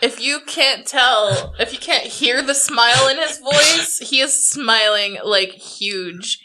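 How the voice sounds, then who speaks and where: A woman's voice: on the high side, takes it slowly, sharp tone, rough recording. A woman co-hosting a casual movie review podcast, chatty and giggly, with lots of "like" fillers. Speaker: podcast co-host. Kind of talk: casual chat.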